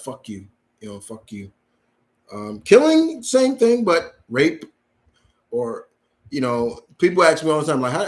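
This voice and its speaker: A man's voice: on the high side, fairly bright tone. A man hosting a live question-and-answer stream, ranting in a profane, heated way, repeating himself for emphasis and reading viewer questions aloud. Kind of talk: unscripted live-stream rant.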